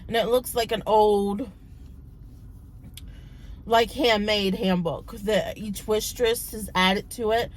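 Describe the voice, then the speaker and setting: A woman in her thirties, a book vlogger, chatting casually and retelling a plot in a rambling way, her voice a little hoarse from talking so much. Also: mid-range voice, fairly even intonation, slow pace, pauses often, rough recording. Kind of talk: casual book vlog chat.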